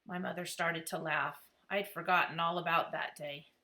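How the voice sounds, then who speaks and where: Bright, expressive woman narrating a children's chapter book aloud. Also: on the low side, normal speed. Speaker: reader.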